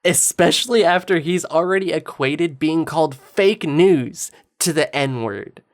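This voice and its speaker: A woman's voice: sits low, measured pace. A woman giving sarcastic, taunting commentary over video clips. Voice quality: sarcastic, taunting, lively inflection. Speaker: political commentator.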